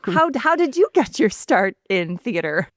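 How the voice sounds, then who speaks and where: Female podcast host, upbeat reactions, pitch bouncing, dry close mic. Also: very animated, no echo. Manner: bright, quick reactions and laughs. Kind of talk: interviewing.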